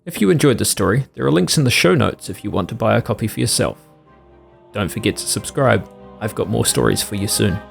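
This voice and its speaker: A man reads a bedtime fairy tale in a warm storyteller's way, his voice lifting and dipping in a sing-song pattern. There's a strong gravelly fry in his voice. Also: on the low side, expressive, brisk, faint music behind. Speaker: storyteller, podcast host.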